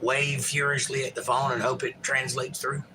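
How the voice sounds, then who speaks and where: A man's voice: mid-range voice, level tone, moderate pace, bright, forceful tone, a little hiss or hum, rough recording. A man hosting a livestream, reading viewer chat aloud and chatting in a rambling, folksy, joking way.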